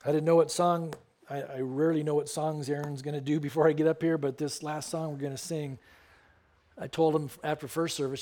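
A man's voice: on the high side, flat delivery, a little fast. Earnest man preaching a sermon. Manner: earnest preaching, drops to soft intimate tones. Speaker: pastor. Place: church sanctuary.

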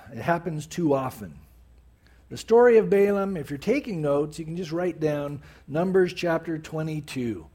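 A male preacher retelling a Bible story in a sermon, with animated storytelling and bursts of emphasis. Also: on the high side, normal speed, breathy edge.

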